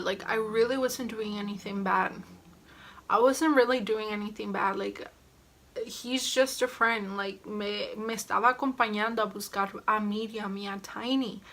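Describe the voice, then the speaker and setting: A young woman telling a casual vlog story, animated and slangy, sometimes dropping to whispers. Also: medium pitch, moderate pace. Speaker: vlogger.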